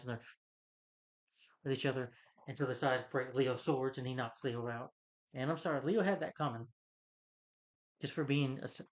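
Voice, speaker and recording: A man's voice: medium pitch, muffled recording. A man reviewing a film, casually retelling its plot in a loose, rambling way with plenty of "you know".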